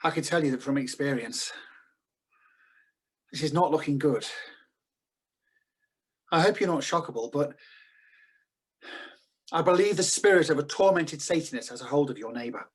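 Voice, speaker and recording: A man with a British accent playing a calm, serious paranormal expert who is relaying messages over the phone in a radio drama. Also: a little high, normal speed, long pauses, breathy edge. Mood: grave. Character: calm, grave male paranormal doctor. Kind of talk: amateur radio-play acting.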